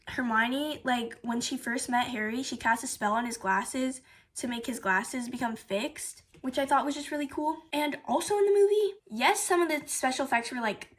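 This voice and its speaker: Bubbly high-voiced young woman. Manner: gushing, bubbly, fills talk with "like". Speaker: book reviewer. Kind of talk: casual excited review.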